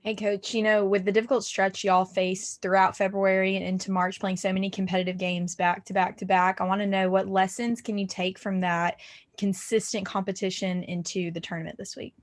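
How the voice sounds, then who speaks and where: Steady, monotone woman reporter. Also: mid-range voice, a little fast. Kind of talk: press conference question.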